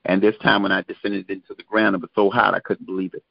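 A middle-aged man, a guest minister, slowly telling his personal religious testimony with many pauses. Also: deep voice, flat delivery, creaky, dry recording. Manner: slow, measured storytelling with many pauses. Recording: dull, muffled lo-fi sound.

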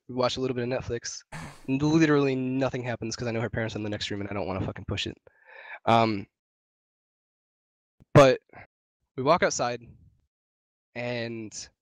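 A man's voice: mid-range voice, no echo. A young man and podcast co-host telling a long personal story in casual chat, rambling and swearing with many restarts.

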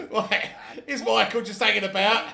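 A middle-aged British man narrates his video game play with a high, bright voice that swings widely in pitch. His tone has a gravelly edge, and he swears and laughs freely in a casual running commentary. He is recorded in an echoey room. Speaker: gamer playing through a video game.

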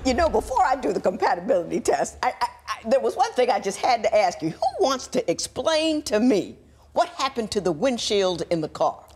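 Lively high-voiced woman judge. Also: a little fast, husky. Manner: playful, teasing, laughs often. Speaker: television judge. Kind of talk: courtroom show questioning.

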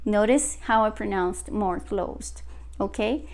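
A Brazilian woman with a Brazilian Portuguese accent teaching a pronunciation lesson, repeating words slowly and checking in with "okay?". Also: medium pitch, a little mellow. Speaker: language teacher.

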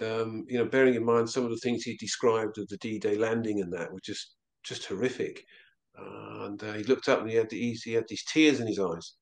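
A man telling a personal story as an interview guest, halting and often repeating himself. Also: lowish voice. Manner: halting, with frequent stammered repeats.

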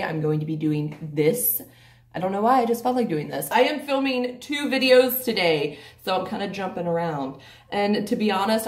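A young woman vlogger chatting casually at home, rambling and joking about herself. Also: medium pitch. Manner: chatty, rambling, self-mocking. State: out of breath. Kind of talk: casual chat. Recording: echoey room.

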